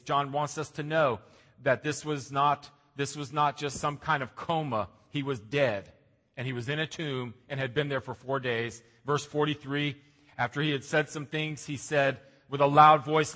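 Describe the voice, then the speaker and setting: A man's voice: mid-range voice, steady tone, moderate pace, pushed and bright. A man preaching a sermon as pastor, reading scripture aloud with earnest, rising emphasis on key lines. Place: church sanctuary. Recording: long reverb of a church hall.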